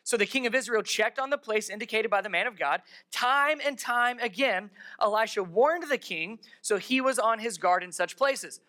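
Bright, animated sermon storyteller. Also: medium pitch, normal speed, few pauses. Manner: conversational, animated storytelling with asides to the congregation. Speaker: pastor. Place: church service held in a darkened theater.

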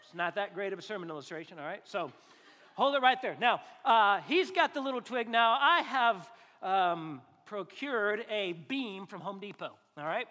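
A pastor with a notably high voice preaches a sermon in a loose, joking, conversational way, slipping into other people's voices to make his points. His voice rings out in a church sanctuary with a long, lingering hall reverb. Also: expressive, normal speed, sharp tone. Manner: joking, conversational, acts out quotes.

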